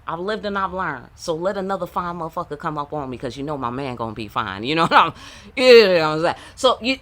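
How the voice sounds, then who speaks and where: A woman's voice: lowish voice, fairly bright tone. A woman tarot reader gives blunt, profane relationship advice, peppered with rhetorical questions. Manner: blunt, profane, streetwise, full of rhetorical asides. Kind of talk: casual channeled reading.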